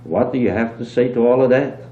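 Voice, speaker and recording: A man reading aloud and voicing a calm, fair-minded old village rabbi. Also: mid-range voice, brisk, pitched above the performer's own voice, natural voice. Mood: measured. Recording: dull, roomy old home tape with hum.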